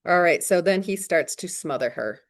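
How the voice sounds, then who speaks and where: A woman's voice: lowish voice, lively intonation, moderate pace, soft background music. A woman teacher explaining a play in a chatty, emphatic way with slangy asides and rhetorical questions. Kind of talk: casual classroom explanation.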